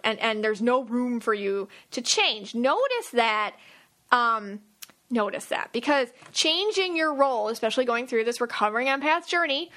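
A woman in her thirties co-hosting a podcast, chatting casually and telling stories with animated quoted asides. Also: a little high. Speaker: podcast co-host. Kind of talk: casual chat.

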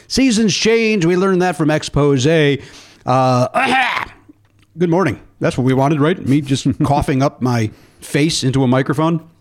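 A middle-aged man hosting a podcast, chatting casually and rambling with sarcastic, profane asides. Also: mid-range voice. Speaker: podcast host. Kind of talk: casual chat.

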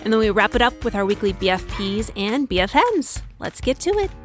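A woman's voice: mid-range voice, lively intonation, brisk, faint music behind. A woman hosting a podcast, casual and teasing, laughing often as she chats. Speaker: podcast host. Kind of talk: casual chat.

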